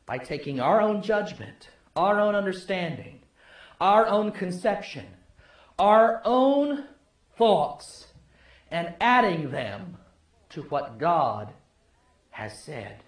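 Animated high-voiced male preacher. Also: slow pace, long pauses, reverberant. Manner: animated storyteller, swinging from loud to hushed. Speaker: pastor. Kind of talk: sermon.

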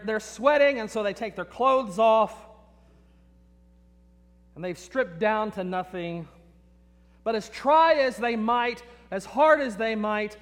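A man's voice: sits high, fairly bright tone, in a large hall. A man preaching a sermon, telling stories in an earnest way and often repeating his words. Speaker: pastor.

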